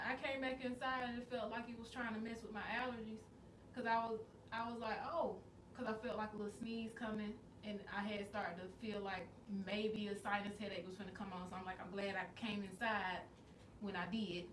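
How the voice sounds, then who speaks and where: A woman's voice: mid-range voice, brisk. Woman rambling in casual podcast chat. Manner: relaxed, rambling storytelling. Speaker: podcast co-host. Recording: roomy, distant mic with faint noise.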